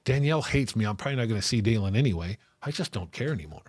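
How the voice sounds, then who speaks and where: A man speaks in a low, husky voice in a candid interview. He tells his story with energy and acts out the people he quotes. The sound is dry and close, with no room echo. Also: very fast. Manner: animated, acts out quoted voices, frequent "right?" and "like". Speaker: interview guest.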